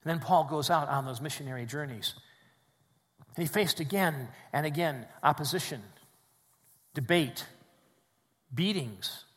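A man preaching a sermon in a church, swinging between loud emphatic peaks and quiet, low drops. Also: measured pace, long pauses, long reverb tail. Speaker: pastor. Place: church sanctuary with congregation.

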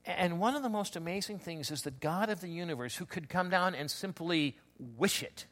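A man preaching a conversational sermon, telling stories with lots of restarts and animated asides. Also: high voice, moderate pace. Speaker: pastor.

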